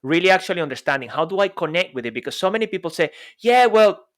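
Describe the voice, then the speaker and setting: A man co-hosting a podcast in casual chat, lively and jokey, his voice jumping up and down. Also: on the high side, rapid-fire. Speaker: podcast co-host.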